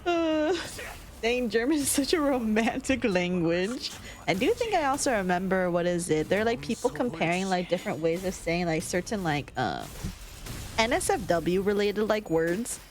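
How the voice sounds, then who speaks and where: A woman's voice: medium pitch, expressive, normal speed, faint music behind. A woman streamer chatting casually over gameplay. She swears freely, laughs often and reads chat aloud.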